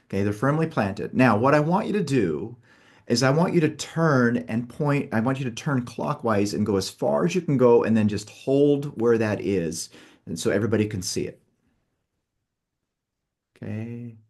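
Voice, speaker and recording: A male workshop facilitator walks a participant through a group exercise step by step, checking in with "okay" again and again in an instructive manner. His mid-range voice is animated and a little mellow, moving at a moderate pace.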